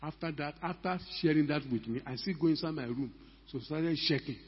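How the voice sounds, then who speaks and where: An older man delivers an emphatic sermon in a large church hall. His voice is husky and sits a little high. The sound is dull and lo-fi, with a long echo trailing each phrase. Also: brisk. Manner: emphatic, rhetorical questions to the congregation. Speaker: pastor.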